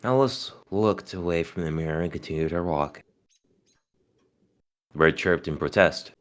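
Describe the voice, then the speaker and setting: A man narrating a visual novel aloud in a steady, measured way. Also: low-pitched.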